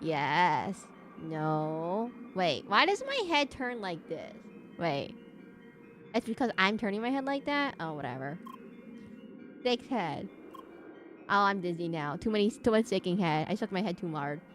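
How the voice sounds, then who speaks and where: A woman's voice: lowish voice, unhurried. A woman streaming a video game, chatting casually and ranting in a playful, overdramatic way, with faint game music under her voice. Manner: animated, playfully overdramatic rants. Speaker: VTuber streamer.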